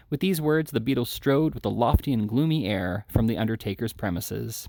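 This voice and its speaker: A man narrating a classic novel in a steady, unhurried read. His voice has a gravelly fry, and the sound is dry and close with no room around it. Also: mid-range voice, no room sound. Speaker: reader.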